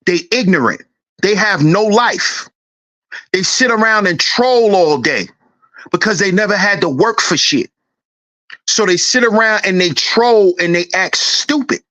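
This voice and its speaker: High, pushed, and bright, the livestream host's voice carries a heated, preachy rant laced with profanity. He repeats his lines to drive them home.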